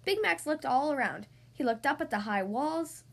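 Brief: a woman narrating a kids' storybook, high and lively. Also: moderate pace, gravelly. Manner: warm, expressive reading. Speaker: podcast host and reader. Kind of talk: storybook read-aloud for children.

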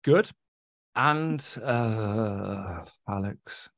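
A man's voice: on the low side, lively intonation, very slow, a bit bright, dry recording. Male podcast host, casual sarcastic ribbing, dry muffled recording. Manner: teasing, sarcastic. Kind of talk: casual banter. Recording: dull dry lo-fi sound.

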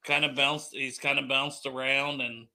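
A man's voice: mid-range voice, little pitch movement, moderate pace, creaky, pushed and bright. A man co-hosting a casual sports chat, laid-back and rambling.

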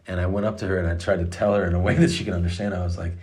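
A man's voice: low-pitched, fairly even intonation, fast, few pauses, darkish tone. A middle-aged man casually telling a personal story about his daughters, rambling with many restarts and the odd curse.

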